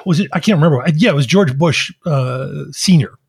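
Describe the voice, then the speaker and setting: A man's voice: a little high, a little fast, a little mellow, slightly rough. A man co-hosting a podcast, ranting in a profane, exasperated way. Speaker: podcast co-host. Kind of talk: casual chat.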